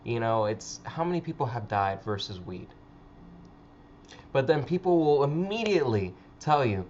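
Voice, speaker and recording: A man's voice: medium pitch, very animated, normal speed, darkish tone, lo-fi sound, a little hiss or hum. A man hosting a casual livestream chat, rambling with frequent stammers and swearing. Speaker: livestream host.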